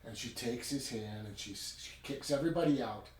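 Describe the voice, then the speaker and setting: A man's voice: medium pitch, normal speed. Chatty man reviewing, roomy distant sound. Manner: animated retelling, chatty asides. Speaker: book reviewer. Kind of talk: casual review chat. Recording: roomy sound from a distant mic with faint ambience.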